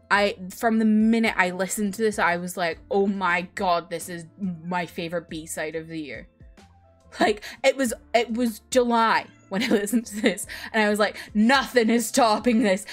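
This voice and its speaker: A young woman casually chatting as she ranks her favorite songs, rambling and gushing with lots of fillers and restarts. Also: medium pitch. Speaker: K-pop video creator. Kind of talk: casual chat ranking songs.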